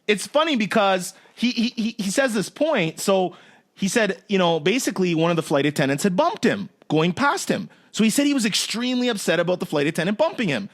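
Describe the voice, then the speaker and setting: A man's voice: high voice, fairly quick. A man hosting a casual interview podcast, telling stories animatedly and acting out quotes. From Canada. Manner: animated storyteller, acts out quotes in a raised voice. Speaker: podcast host.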